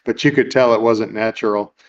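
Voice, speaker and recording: A man's voice: lowish voice, fairly even intonation, a little fast. Rambling man on a dull lo-fi recording. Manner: rambling, with many fillers and acted-out quotes. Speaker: podcast host. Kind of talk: casual chat retelling a film scene.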